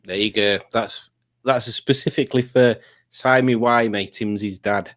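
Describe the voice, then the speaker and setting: A man's voice: lowish voice, steady tone, normal speed, a bit bright, a little hiss or hum. A man hosting a casual chat show, reading out viewer comments and laughing often. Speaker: podcast host.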